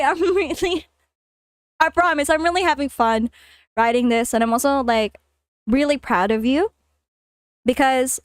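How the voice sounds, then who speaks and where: High-voiced giggly woman streamer. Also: smooth, no room sound, clean studio sound. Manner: giggly, laughs often, repeats herself. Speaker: vtuber streamer. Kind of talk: casual livestream reading and commenting.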